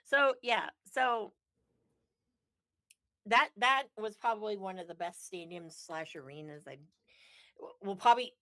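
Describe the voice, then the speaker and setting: A woman's voice: medium pitch, measured pace, pauses often, fairly bright tone. A woman co-hosting a casual chat over a remote call, telling stories in a chatty way full of fillers. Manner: chatty, filler-heavy storyteller. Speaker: podcast co-host.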